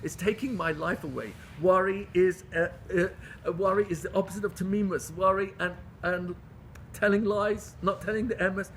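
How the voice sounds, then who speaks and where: A man's voice: high voice, steady tone, normal speed, slight background noise. Fervent man giving a Torah class. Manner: fervent, swings between loud pleading and hushed intimacy; questions the audience. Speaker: rabbi teaching a class. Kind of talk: Torah lecture to a live group.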